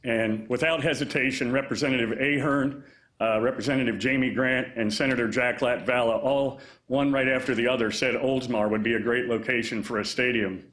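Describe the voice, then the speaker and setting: A man speaking as mayor at a press conference, relaxed and chatty with frequent fillers. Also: mid-range voice, brisk. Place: indoor press conference room. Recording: echoey room.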